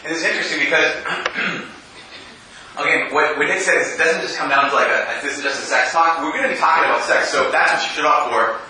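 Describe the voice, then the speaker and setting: A man giving a church talk, telling personal stories with humour, often laughing and adding quick asides. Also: a little high, sharp tone, a little hiss or hum. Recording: echoey room, from a distance.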